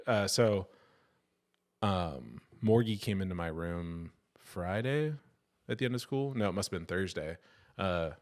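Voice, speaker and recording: A middle-aged man co-hosting a casual podcast chat, joking and easygoing. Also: low-pitched. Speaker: podcast co-host.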